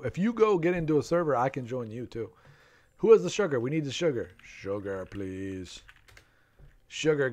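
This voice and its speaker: A chatty man in his thirties hosts a live game stream, reading viewer names from the chat as he plays. His voice sits at an ordinary middle pitch. Faint music plays underneath. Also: a little mellow.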